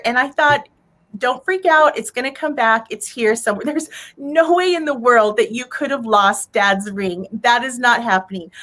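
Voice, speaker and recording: A woman's voice: high voice, fairly bright tone. A woman from Arizona telling a heartfelt personal story on stage, earnest and acting out her own thoughts.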